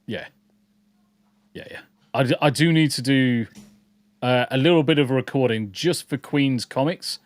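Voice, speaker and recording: A man's voice: mid-range voice, moderate pace, pauses often, dry recording. A man hosting a casual podcast, reading the live chat and ranting bluntly with plenty of swearing. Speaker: podcast host.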